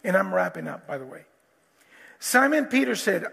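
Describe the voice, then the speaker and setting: A man preaching a sermon as pastor, animated and prone to restarts, acting out quotes from the story. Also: sits high, normal speed, creaky, slightly rough. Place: church hall. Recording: long hall reverb, faint guitar.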